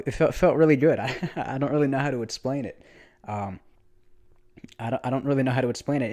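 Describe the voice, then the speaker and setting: A young man vlogging, telling a casual story in a rambling, animated way, full of restarts and swearing. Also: medium pitch.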